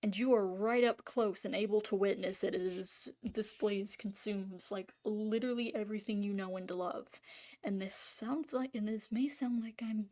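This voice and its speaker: A woman's voice: medium pitch, steady tone, moderate pace, warm tone. A woman ranting casually on camera about making art, rambling and swearing, full of restarts and trailing fillers. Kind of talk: casual spoken rant.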